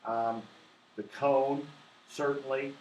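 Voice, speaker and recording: A male math teacher lecturing his class in a casual, meandering way, stressing key words and filling pauses with "um" and "you know". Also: mid-range voice, fairly even intonation, darkish tone, slight background noise. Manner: informal, many fillers, emphatic stresses. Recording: echoey classroom.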